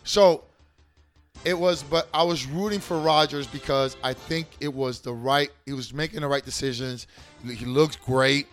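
A man's voice: medium pitch, a little slow, soft background music. A man hosting his show, talking in an emphatic, rambling way full of swearing and restarted sentences. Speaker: show host. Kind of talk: profane rambling commentary.

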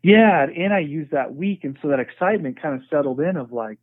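A man's voice: a little high, lively intonation, fairly quick, no room sound. A man speaking as a podcast guest, telling his story earnestly and frankly and often saying "you know". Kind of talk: conversational storytelling. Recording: tinny phone-like dry sound.

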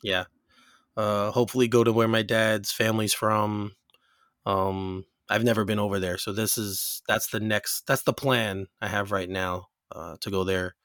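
A man's voice: lowish voice, flat delivery, normal speed, fairly bright tone, no echo, studio quality. An American man hosting a podcast, chatting casually with many fillers and restarts. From United States. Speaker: podcast host. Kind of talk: casual chat. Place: New York.

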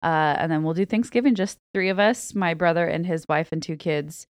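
A woman's voice: sits low, brisk, clean tone, no room sound, clean studio sound. A woman co-hosting a church podcast, cheerful and chatty. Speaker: podcast co-host. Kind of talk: casual church podcast chat.

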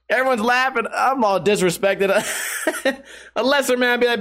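A man's voice: extremely high pitch, moderate pace, sharp tone. A man hosting a podcast, telling a story in a casual, profane way and laughing often. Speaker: podcast host.

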